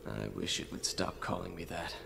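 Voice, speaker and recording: A man's voice: sits low, animated, moderate pace, creaky, bright, forceful tone, slight background noise, exaggerated voice. An actor playing a weary male information broker in a video game, with a wry, understated manner.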